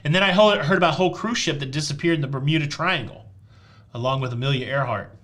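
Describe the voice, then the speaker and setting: Live-stream host: man, Tennessee drawl, fairly high and bright voice, teasing deadpan jokes. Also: quick pace. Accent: Southern US, Tennessee. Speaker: host of a live cruise show. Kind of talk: casual live-stream chat answering viewer questions.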